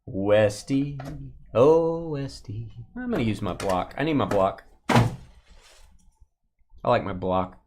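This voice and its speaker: A man's voice: fairly low pitch, animated, takes it slowly, pauses often, background noise. A man hosting a live sports card break stream, joking with viewers and chatting as he opens packs. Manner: jokey, reads out viewer names and teams, banters with chat; chatty asides about cards as he opens packs. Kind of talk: casual live-stream commentary.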